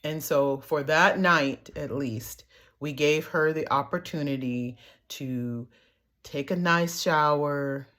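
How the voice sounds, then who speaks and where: A woman's voice: low-pitched, takes it slowly, fairly bright tone. A middle-aged woman, telling foster parenting stories in a casual way to her viewers, laughing often and acting out what people said. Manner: chatty, laughs often, acts out quotes.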